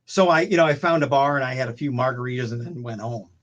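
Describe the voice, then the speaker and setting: A man's voice: medium pitch, quick pace, dull audio. A man on a video call, telling rambling anecdotes about his band days in casual chat, full of restarts and fillers. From St. Louis. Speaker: guest musician.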